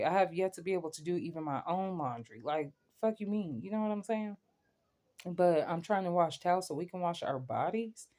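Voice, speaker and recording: Young adult woman, vlog venting; warm, low-set voice, emphatic and rambling delivery. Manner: emphatic, rambling, keeps asking "you know what I'm saying". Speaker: vlogger. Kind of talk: venting rant to camera.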